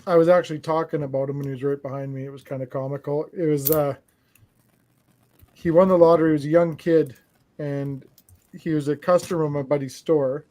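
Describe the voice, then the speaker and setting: A man from Canada chatting casually as a co-host, telling anecdotes in an animated way and acting out the dialogue. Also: fairly high pitch, brisk. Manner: animated storyteller who acts out quoted dialogue. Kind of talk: casual chat.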